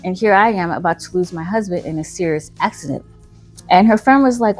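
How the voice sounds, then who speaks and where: A woman's voice: medium pitch, brisk, a little mellow, soft background music. A woman hosting her channel, telling a story casually, full of fillers and self-corrections.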